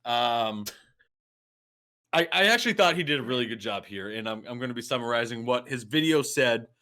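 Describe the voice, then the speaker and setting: A man with a slight Boston accent co-hosts a gaming podcast in loose, animated chat. His voice is bright and forward, and he rambles and doubles back on his words as he goes. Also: mid-range voice, fairly quick. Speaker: podcast co-host. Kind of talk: casual chat.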